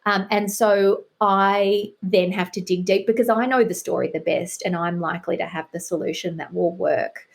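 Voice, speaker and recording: A woman's voice: fairly low pitch, steady tone, normal speed, gravelly, few pauses. A middle-aged woman, a guest author, chatting in an interview with a wry, self-deprecating humor. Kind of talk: casual interview chat.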